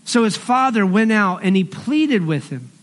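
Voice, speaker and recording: A man's voice: sits high, very animated, moderate pace. A middle-aged man preaching a sermon as pastor, earnest and conversational, mixing scripture with personal stories.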